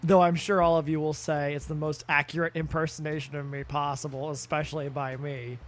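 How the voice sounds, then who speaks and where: A man's voice: a little high, level tone, fairly quick, faint music behind. A tired, sleepy man streaming a game late at night, rambling in casual chat with lots of fillers and restarts that trail off.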